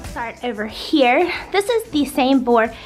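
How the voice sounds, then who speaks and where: A woman's voice: high-pitched, animated, a little slow, over music. A young woman gives a chatty, upbeat tour of her home for a vlog, a little out of breath, with lots of fillers. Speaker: homeschooling mom vlogger.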